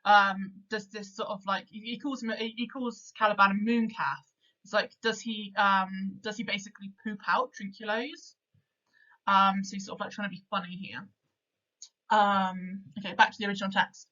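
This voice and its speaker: A woman teacher talks through a lesson, hesitant and full of fillers. Her voice sits at a middling pitch. The recording sounds dull and lo-fi. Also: flat delivery, moderate pace, bright, forceful tone. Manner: hesitant, many fillers like "sort of" and "um".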